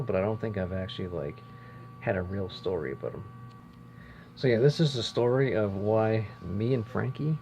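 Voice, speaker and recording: Gravelly low-voiced man telling a story. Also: a little mellow. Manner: rambling, chatty, self-interrupting. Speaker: vlogger. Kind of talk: casual storytelling vlog. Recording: dull lo-fi sound with faint noise.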